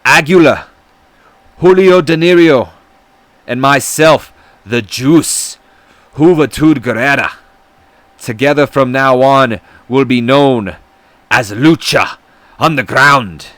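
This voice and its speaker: A man voicing a boastful male luchador wrestler in a put-on Spanish accent, proclaiming loudly. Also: medium pitch, slow, long pauses, no room sound. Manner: loud, proclaiming, braggart.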